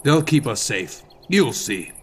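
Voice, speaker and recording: A man voicing a kindly middle-aged ranch owner who talks gently and in a fatherly way, from an audiobook. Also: medium pitch, sing-song, slow pace, slightly rough, exaggerated voice. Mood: gentle concern.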